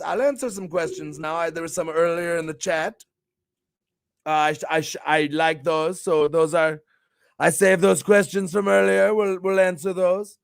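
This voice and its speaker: Brash male streamer host, gravelly, high-pitched, dry close mic, hypes himself and swears. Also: no echo. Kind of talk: casual livestream talk.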